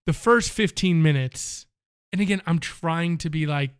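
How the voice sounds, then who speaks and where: Animated higher-pitched male storyteller. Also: moderate pace, clear, resonant tone. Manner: animated storyteller acting out phone calls. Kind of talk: casual chat.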